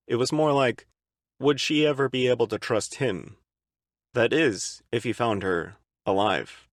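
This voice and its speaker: A male narrator reading an action audiobook with lively, expressive storytelling. His voice sits in a middle register and swings widely in pitch, and the recording is dry and close, with no room sound. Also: dry recording. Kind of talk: fan-read audiobook narration.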